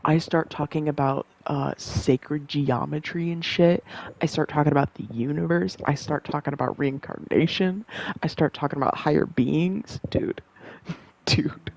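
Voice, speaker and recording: A woman's voice: sits low, gravelly, a little mellow, husky, rough recording. A young woman rambling in casual chat, laughing often and swearing freely.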